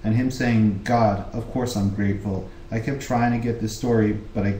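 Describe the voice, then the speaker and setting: A man's voice: fairly low pitch, steady tone, moderate pace, mellow. A man taking his turn reading a novel aloud at home for a book club, chatty between passages. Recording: roomy echo, faint background hiss.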